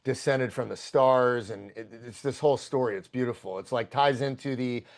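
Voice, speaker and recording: Male podcast guest with a rough, gravelly voice and a mid-range pitch, casual and excitable, cursing freely. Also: normal speed. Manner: profane, excitable, rambling. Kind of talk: casual storytelling.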